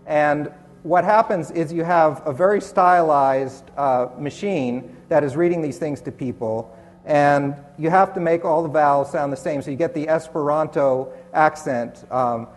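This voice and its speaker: A man presents at a conference with sardonic, dry humor. His voice sits somewhat high. The sound carries long reverb from a hotel conference hall. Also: moderate pace. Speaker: conference speaker. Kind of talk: presentation talk.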